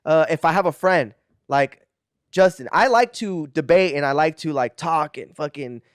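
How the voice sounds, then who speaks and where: A man co-hosting a casual podcast chat, talking in an animated, defensive way and dropping in Spanish words. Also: on the high side, normal speed, dry recording, studio quality. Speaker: podcast co-host. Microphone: podcast studio mic.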